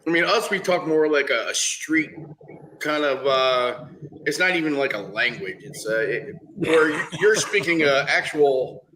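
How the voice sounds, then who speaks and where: Bright-voiced New man ranting. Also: fairly high pitch, animated, slight background noise, low-quality recording. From New York, the Bronx. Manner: ranting, halting with restarts. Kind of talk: casual chat.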